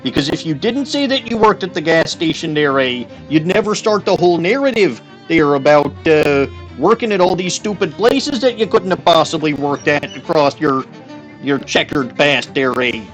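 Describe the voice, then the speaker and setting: A man's voice: a little high, lively intonation, moderate pace, soft background music, lightly acted. A man putting on a hammy Canadian voice. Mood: hammy folksy. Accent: put-on Canadian. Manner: tacks "there, eh?" onto every sentence. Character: folksy exaggerated Canadian man, stubborn braggart. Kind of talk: comic game-stream voice.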